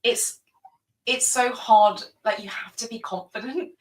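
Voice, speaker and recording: A woman's voice: fairly high pitch, expressive, unhurried, distant mic, low-quality recording. Chatty, self-deprecating woman. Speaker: stage actress, guest. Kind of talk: casual interview chat.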